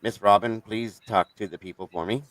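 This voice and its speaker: Host, male, live-stream rant, bright forceful voice, dry sound, swears and jumps around. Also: on the low side, steady tone, brisk, no room sound, rough recording. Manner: irritated, profane, rambling.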